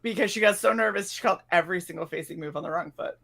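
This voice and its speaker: A young woman co-hosting a casual stream tells stories animatedly, swearing freely and acting out quotes as she chats. Her voice is fairly low, creaky, and fairly bright in tone, and she talks very fast.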